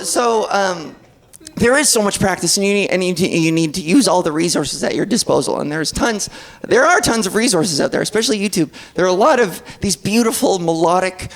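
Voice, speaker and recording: A trans woman performing a stand-up set, animated and self-deprecating, swearing freely and laughing at her own jokes. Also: medium pitch, low-quality recording. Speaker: stand-up comedian. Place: comedy club stage. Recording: live club audience laughing.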